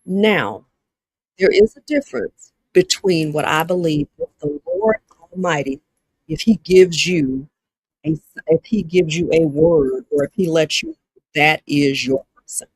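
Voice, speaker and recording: A woman's voice: sits low, a little slow, husky, no room sound, low-quality recording. A woman with a Southern US accent hosting a live-streamed dating talk, reading viewer comments aloud and talking to them directly with lots of repetition. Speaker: livestream host.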